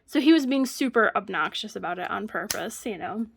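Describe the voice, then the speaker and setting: A woman's voice: medium pitch, lively intonation, a little fast, gravelly, a little hiss or hum. A woman vlogger chatting casually while she crafts at home, telling a story with frequent laughs. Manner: chatty storyteller, laughs often mid-sentence.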